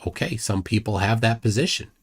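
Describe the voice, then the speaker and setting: A man's voice: fairly low pitch, expressive, fairly quick, slightly rough. A man hosting a live reaction stream, reading chat comments aloud and mocking the clip with sarcastic asides. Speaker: livestream host reacting to a video.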